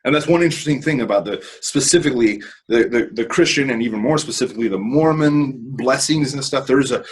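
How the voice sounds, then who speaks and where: Male interview guest, husky voice, mid pitch, candid rambling storyteller who swears casually. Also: fast talker, poor audio.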